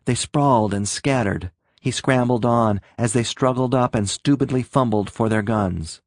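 A man reads a story aloud in a steady, measured narration. His voice sits in a middle range, recorded close and dry. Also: mid-range voice, dry recording. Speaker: audiobook narrator. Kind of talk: scripted narration.

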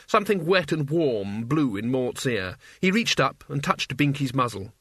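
A man's voice: mid-range voice, big pitch swings, normal speed, a bit bright, husky, no room sound. A man narrating an audiobook in a dry, wry storytelling manner. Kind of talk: scripted narration.

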